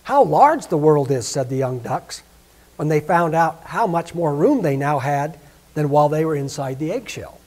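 Husky-voiced man reading a fairy tale. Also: on the high side, moderate pace. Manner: expressive storytelling. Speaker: reader at a Sabbath service.

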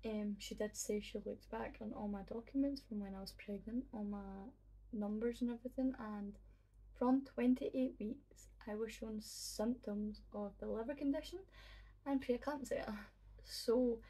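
Young woman, husky and gravelly, emotional personal storyteller with a halting delivery. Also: medium pitch, dark tone. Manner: emotional, halting, many fillers and restarts. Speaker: vlogger.

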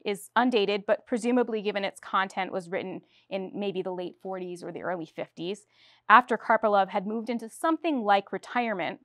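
A woman giving an academic lecture, speaking in a measured way from a prepared text. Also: medium pitch, dry recording, clean studio sound.

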